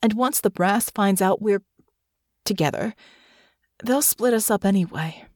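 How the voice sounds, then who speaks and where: A woman reading a story aloud, voicing a young woman soldier who hides a secret, sharp and commanding yet tired. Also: medium pitch, a little slow, no room sound, clean studio sound, lightly acted. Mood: weary.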